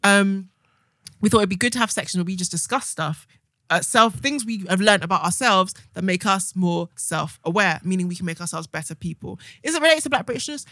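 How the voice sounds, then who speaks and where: A young woman, co-hosting a podcast and telling stories with animated acted-out quotes. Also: mid-range voice, a little fast, dry recording, clean studio sound. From England. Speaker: podcast co-host. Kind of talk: casual chat.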